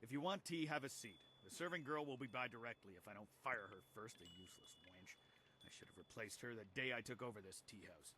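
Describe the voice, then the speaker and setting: A man's voice: medium pitch, fast, bright, forceful tone, a little hiss or hum, natural voice. Three Sheets Dutong, a man playing a smug drunken innkeeper. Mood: haughty. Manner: smug, sarcastic, dismissive. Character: pompous drunken male tea house owner. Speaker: game character.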